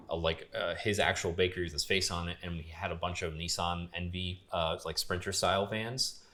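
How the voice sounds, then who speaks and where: This young grip and gaffer, guesting on a podcast, has a low voice with a sharp tone. His long story comes out relaxed and casual, peppered with fillers and other people's words.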